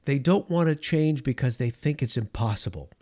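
Male pastor, middle-aged, impassioned sermon delivery with dramatic pauses. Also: mid-range voice, lively intonation. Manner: impassioned preaching with dramatic pauses and swings in loudness.

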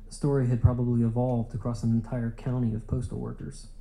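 A man narrates a literary audiobook with a very dark, mellow tone. His reading is measured and unhurried. His pitch sits in the middle of the male range. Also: level tone, vocal fry, slight background noise, low-quality recording.

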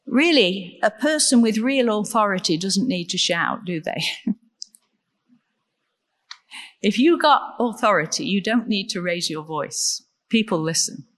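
Slow-preaching woman in an echoing hall. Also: medium pitch, expressive. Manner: slow, measured, with rhetorical questions. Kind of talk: sermon. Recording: long reverb in a large hall.

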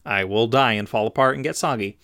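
A man's voice: mid-range voice, fairly quick, a bit bright, no echo, studio quality, natural voice. A man voicing a small, panicky gingerbread man who whines anxiously. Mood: panicked. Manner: anxious, whiny.

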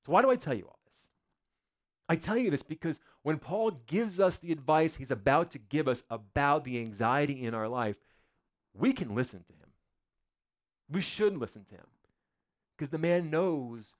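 A pastor preaches to his church in a fairly high-pitched male voice. He keeps it loose and conversational, firing off rhetorical questions and slipping in jokes. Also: expressive, normal speed, long pauses. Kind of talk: sermon.

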